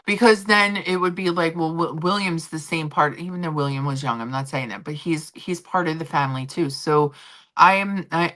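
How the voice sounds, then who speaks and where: Woman, middle-aged, livestream host, casual chatty gossip, opinionated, low voice. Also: pushed and bright. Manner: chatty, opinionated, many fillers and restarts. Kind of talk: casual chat about royal gossip.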